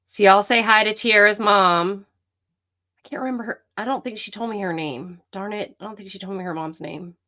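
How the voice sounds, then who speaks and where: A middle-aged woman hosting a livestream, chatting excitedly and greeting viewers by name. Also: mid-range voice, normal speed. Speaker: livestream host. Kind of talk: casual livestream chat.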